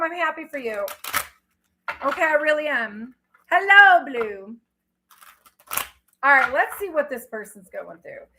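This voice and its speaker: A woman's voice: high-pitched, noisy background. A woman hosting a tarot livestream, talking bluntly and swearing freely as she rants to her viewers. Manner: blunt, profane ranting. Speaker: tarot reader.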